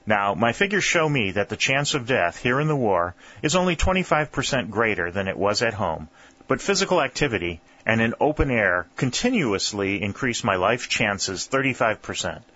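A bookish young soldier, played by a man reading, lays out every thought in precise, formal words. The voice is low and measured. The recording sounds muffled and lo-fi. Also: very animated, bright, forceful tone, husky, no echo, full character voice. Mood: precise, proud. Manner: precise, formal, pedantic diction.

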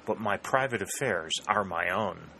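A man's voice: low voice, expressive, measured pace, creaky, pushed and bright, a little hiss or hum, heavily acted, low-quality recording. A man reading the part of a haughty young woman who answers in icy, clipped tones. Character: haughty, cold young woman under suspicion.

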